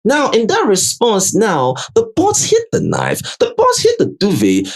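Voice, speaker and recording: A man's voice: high-pitched, a little slow, gravelly. A man with a Nigerian accent hosting a casual recap chat, acting out quotes and filling his talk with "you know" and "right?". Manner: animated, acts out quotes, many "you know" and "right?" fillers. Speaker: show host.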